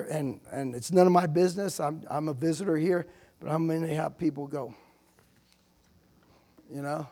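A man's voice: on the high side, gravelly, darkish tone, slightly rough. A man preaching a sermon as a visiting missionary, talking to the congregation in a loose, conversational way and often checking in with "amen?". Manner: conversational preaching with frequent "amen?" asides and acted anecdotes.

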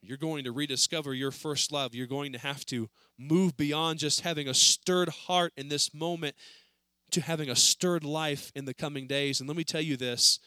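A man preaching a sermon in a church service, earnest, rising to pleading and then dropping low. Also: bright, forceful tone, no echo.

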